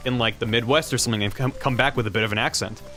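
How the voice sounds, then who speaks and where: A man's voice: mid-range voice, fairly even intonation, racing, sharp tone, soft background music. A man chatting casually as co-host, conversational. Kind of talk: casual chat.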